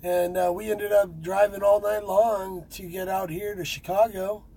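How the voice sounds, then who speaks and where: Husky high-voiced trucker man. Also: level tone, moderate pace, mellow, poor audio. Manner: rambling, many fillers and restarts. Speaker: truck driver. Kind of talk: casual chat.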